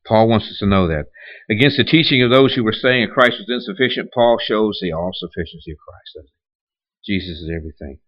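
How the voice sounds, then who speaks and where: A man's voice: fairly low pitch, fairly quick, dry recording, dull audio. A man preaching a sermon in a conversational way, with rhetorical questions and many restarts. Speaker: pastor.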